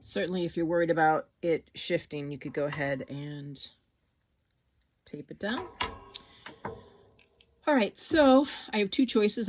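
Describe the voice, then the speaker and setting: Woman with a low voice, faint background noise. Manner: relaxed, thinking aloud while working. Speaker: sewing instructor. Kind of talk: casual step-by-step tutorial.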